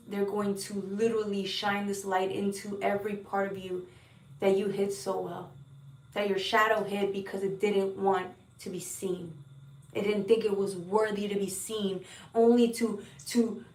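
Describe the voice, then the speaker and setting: A woman reads tarot for her viewers in an earnest, heartfelt way, repeating herself as she talks. She sits back from the mic, and her voice carries a roomy echo. Her pitch sits in an ordinary middle range. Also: darkish tone, recorded from a distance. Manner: earnest, heartfelt, repeats words, swears now and then. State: emotional at times. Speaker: tarot reader. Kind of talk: spiritual tarot reading to viewers.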